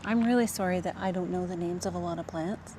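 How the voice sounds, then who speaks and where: A woman vlogging as she walks through a public garden, gushing over the plants and often dropping to a hush, recorded on a handheld camera mic. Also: lowish voice, fast, noisy background. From Canada. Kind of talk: casual walk-and-talk vlog.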